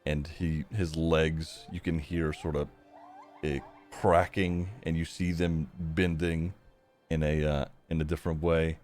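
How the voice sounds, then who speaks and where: A man's voice: extremely low pitch, flat delivery, unhurried, a little mellow, faint music behind. A man narrating a tabletop game as game master, hesitant, with many fillers.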